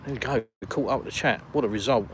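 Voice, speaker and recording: A man's voice: medium pitch, very fast, a little hiss or hum. Older Englishman chatting on a live walkabout. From England. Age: retired. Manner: relaxed, chatty, reads comments aloud then answers. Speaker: live stream host. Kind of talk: casual live stream chat, reading viewer comments. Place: outdoors in a village, walking.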